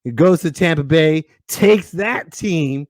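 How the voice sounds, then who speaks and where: A man's voice: on the high side, slow, no echo, clean studio sound. A middle-aged man hosting a live podcast in casual chat, joking and laughing often. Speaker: podcast host.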